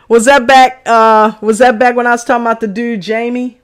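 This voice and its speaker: A woman's voice: a little high, slow pace, long pauses. A woman from New Jersey co-hosting a reaction stream, talking in a loose, rambling way to her partner and live chat, with many fillers. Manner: chatty, rambling, many "you know"s. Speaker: reaction channel co-host.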